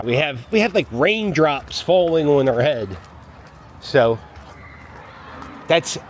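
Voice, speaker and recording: A man's voice: mid-range voice, slight background noise. A man giving rambling, wry commentary to a handheld camera as he walks his dog down a city street. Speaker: vlogger walking his dog. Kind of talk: casual walking commentary.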